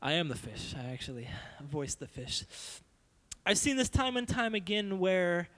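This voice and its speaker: A young man giving a playful, animated youth sermon, acting out silly voices as he goes. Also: high-pitched, moderate pace. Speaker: youth pastor.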